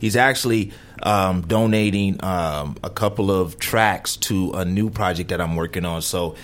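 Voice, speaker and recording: Lowish voiced guy, chatty and eager, lots of ums. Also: measured pace. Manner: eager, rambling, self-promoting. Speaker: guest. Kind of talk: casual interview chat.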